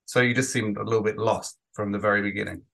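A man's voice: lowish voice, steady tone, fast, vocal fry, fairly bright tone. A man co-hosting a casual podcast chat, rambling with frequent restarts and some swearing. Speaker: podcast co-host.

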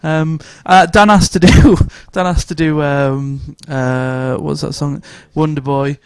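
A young man from England co-hosting a podcast, telling stories in a casual, animated way with frequent laughter. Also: fairly high pitch, slow, clear, resonant tone, no room sound, clean studio sound. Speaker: podcast co-host. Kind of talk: casual chat, storytelling.

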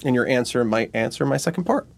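Podcast co-host, mid-pitched male voice, inquisitive, dry close sound. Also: lively intonation, fast, gravelly, no echo. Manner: inquisitive, asks pointed questions. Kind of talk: casual chat.

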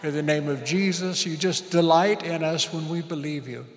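A man's voice: a little high, moderate pace, in a large hall, soft background music. A man preaching and praying at a church service, fervent, repeating phrases and leading the congregation to say lines back. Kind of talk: prayer and sermon.

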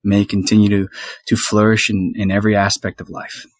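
A man's voice: lowish voice, monotone, brisk, dry recording, studio quality. A man being interviewed as a guest on a podcast, gracious and laughing easily. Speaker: guest voice actor.

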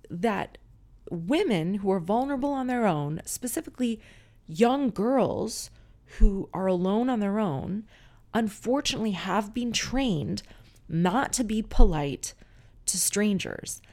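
A middle-aged woman with a medium-pitched, somewhat dark voice hosts a podcast on her own. She tells stories frankly and chattily, dropping swear words casually.

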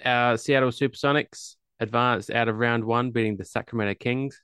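A man's voice: medium pitch, fairly even intonation, normal speed, few pauses, fairly bright tone, clear, resonant tone, no room sound, clean studio sound. A man from England co-hosting a podcast in casual chat, blunt and sweary, trash-talking teams and towns for laughs. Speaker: podcast co-host.

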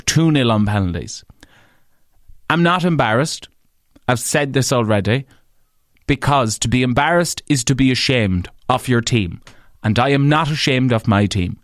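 An Irish man hosting his own podcast tells stories in a loose, rambling monologue, swearing freely and jumping up in pitch when he stresses a point. His voice sits at an ordinary middle pitch for a man. The sound is dry and close, with no room in it. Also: no echo. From Ireland. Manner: animated, swears freely, leaps up in pitch for emphasis. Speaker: podcast host and radio presenter. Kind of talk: casual storytelling monologue.

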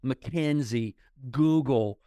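A man's voice: medium pitch, extremely slow, mellow, smooth, dry recording, clean studio sound. A middle-aged man telling his story in a casual podcast interview, blunt and emphatic. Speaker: guest. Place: Denver.

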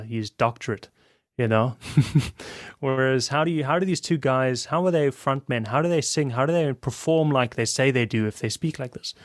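A young South African man, a band frontman, chatting on a podcast in a calm, very relaxed way. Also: mid-range voice, dry recording, studio quality. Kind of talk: casual podcast chat.

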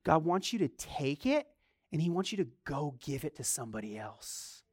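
A man's voice: fairly high pitch, sing-song, normal speed, a little mellow, slightly rough, no room sound. A man preaching a sermon as a pastor, telling stories, asking rhetorical questions and acting out the voices he quotes.

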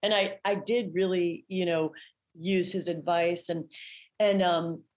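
Chatty, animated woman telling stories. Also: on the low side, a little slow. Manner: animated, chatty storytelling with many restarts. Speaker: guest. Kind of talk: storytelling in an interview.

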